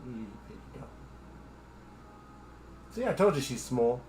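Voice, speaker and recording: The livestream host has a darkish mid-range voice with big pitch swings and an unhurried delivery, plus a little hiss or hum. Drinking at home, he rambles casually, swears a lot, makes fun of himself, and chats to his dog.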